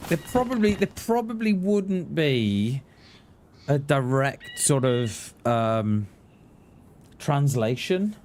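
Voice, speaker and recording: A man's voice: medium pitch, sing-song, slow pace, a little mellow, slight background noise. A man from Wales with a light Welsh accent, chatting casually and friendly with his viewers while he streams a game. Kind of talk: casual live-stream chat while playing.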